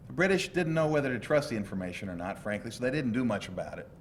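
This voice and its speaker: A man lecturing from his slides in an animated, storytelling way, tossing in jokes and asides as he goes. His pitch sits in a middle range, and a faint low rumble runs underneath the recording. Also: fast. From United States. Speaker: law professor lecturing.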